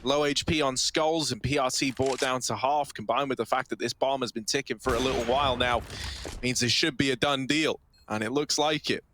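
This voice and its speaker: Male color commentator, mid pitch, chatty analysis, faint hiss. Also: brisk, fairly bright tone. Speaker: esports caster.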